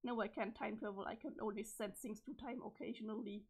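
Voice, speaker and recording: A woman reading the part of a calm, cryptic teenage boy from the future in a webcomic, in a flat, measured delivery with a strained voice. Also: medium pitch, slightly rough. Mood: deadpan. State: strained, failing voice. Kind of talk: reading a webcomic's chat logs aloud.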